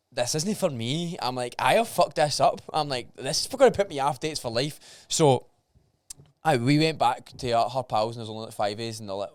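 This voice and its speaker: A young man with a Scottish accent, hosting a podcast and telling stories in an animated, sweary way. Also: medium pitch, no echo. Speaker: podcast host. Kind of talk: casual chat.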